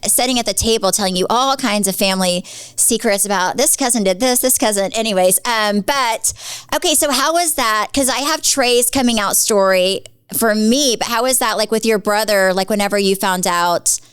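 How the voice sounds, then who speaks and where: A woman's voice: medium pitch, normal speed, fairly bright tone, clear, resonant tone, no echo. A woman hosting a podcast in casual chat, chatty and gushing, rambling with fillers. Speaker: podcast host.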